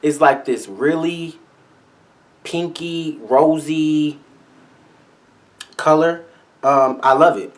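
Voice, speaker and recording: A man's voice: a little high, drawn-out words, pauses often. A man reviewing makeup products in a vlog, talking straight to his viewers in a sassy, flamboyant, salty way. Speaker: beauty vlogger.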